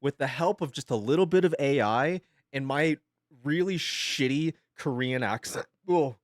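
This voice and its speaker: A man's voice: medium pitch, moderate pace, no echo, studio quality. A young man chatting casually on a live stream from his home setup, rambling, swearing freely and laughing often.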